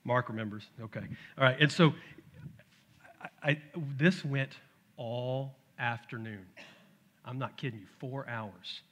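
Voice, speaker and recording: A middle-aged man preaching a sermon, telling a family story with lively acted-out voices. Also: mid-range voice, measured pace, long pauses. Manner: animated storytelling, acts out his toddler's shouts. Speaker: pastor. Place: church sanctuary.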